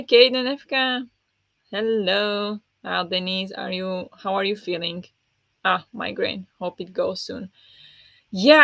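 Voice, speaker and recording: A woman runs a live book discussion stream in a creaky, mid-range voice with a fairly bright tone. She chats casually and warmly, uses plenty of ums, and greets people in chat by name, all captured dry through a dull lo-fi mic with no echo.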